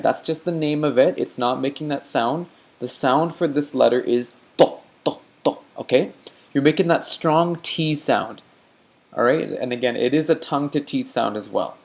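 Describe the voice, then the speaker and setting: A man's voice: mid-range voice, creaky, a little mellow. A man teaching an online lecture on letter sounds, patient and repetitive, stopping often to check in with "okay?".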